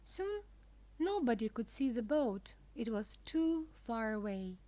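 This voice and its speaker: A woman narrating a children's storybook for English learners, with clear, deliberate, simple phrasing. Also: a little high, expressive, warm tone.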